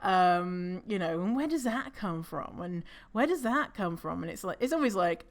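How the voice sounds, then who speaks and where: A woman hosting a casual solo podcast, chatty and animated, laughing often and swearing casually. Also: on the low side, moderate pace, hardly any pauses. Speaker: podcast host.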